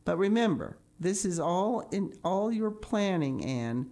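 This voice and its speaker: A stern, practical older woman guardian with a brisk, dry, scolding delivery, as a woman reading a storybook puts her on. She sounds no-nonsense and sharp. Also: lowish voice, big pitch swings, voice pushed up.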